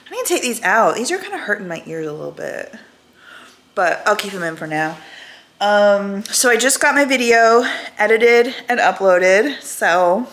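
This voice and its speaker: A woman's voice: medium pitch, lively intonation, normal speed, fairly bright tone. A woman, chatting casually to her phone camera in a rambling way, full of "like" and "right?". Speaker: vlogger.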